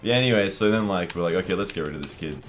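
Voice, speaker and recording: Young Australian co-host, low-voiced and rapid, animated swearing storyteller. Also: male voice, faint music behind. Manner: animated, swearing, acts out voices in his stories. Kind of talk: casual gaming chat, storytelling.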